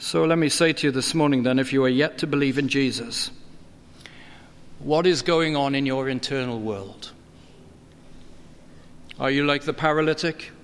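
A middle-aged man preaching a sermon, earnest and expository, his pitch climbing when he presses a point. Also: normal speed, long pauses, smooth. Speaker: pastor. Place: church. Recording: long church reverb.

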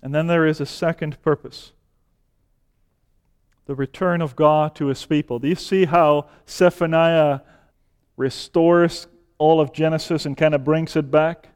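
Male preacher, slow measured delivery that swells into fervor, reverberant sanctuary sound. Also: fairly high pitch, steady tone, a little mellow, smooth. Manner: builds to fervent emphasis, slow deliberate phrasing. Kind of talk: sermon. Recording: long hall reverb.

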